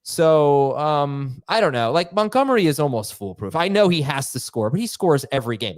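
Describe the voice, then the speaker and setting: A man hosting a live sports chat, reading out viewer questions in a quick, playful way. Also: on the high side, no echo, studio quality. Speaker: show host. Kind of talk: live fantasy football Q&A.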